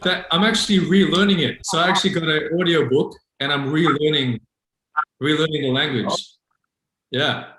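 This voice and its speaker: A man from South Africa talks as a guest in a relaxed, friendly chat. His voice sits a little high. He comes through an echoey video call with faint background noise. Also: moderate pace. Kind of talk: casual interview chat.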